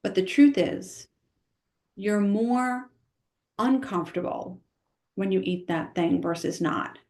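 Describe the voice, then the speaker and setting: In a podcast interview, a female nutritionist guest talks fast and emphatically, full of conviction, dropping "right?" between her points. Her voice sits in the mid-range with a slightly mellow quality.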